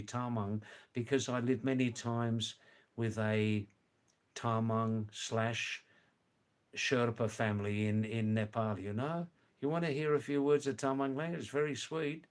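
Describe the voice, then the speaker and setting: Slow-talking man, chatty. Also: mid-range voice. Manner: slow, chatty, sprinkles words from several languages. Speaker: livestream host. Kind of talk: casual livestream chat.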